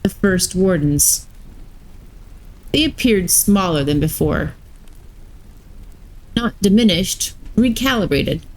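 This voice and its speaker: Woman, story read live on stream, slow measured pace. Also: on the low side, lively intonation, rough recording. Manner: slow, measured reading with brief asides to chat.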